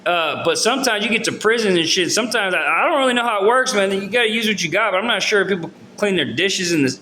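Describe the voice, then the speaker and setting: Bright, high-voiced man telling a rambling story. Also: animated, quick pace, a little hiss or hum. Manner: rambling and slangy, many fillers and restarts. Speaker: storyteller recounting his own experiences. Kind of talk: casual storytelling to camera. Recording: roomy echo.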